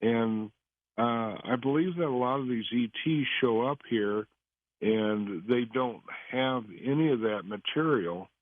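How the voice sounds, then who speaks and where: A man calling in as a guest on a radio show, answering in a measured, hesitant way with frequent filler pauses. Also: medium pitch, no room sound, phone-quality sound. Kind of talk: interview answers.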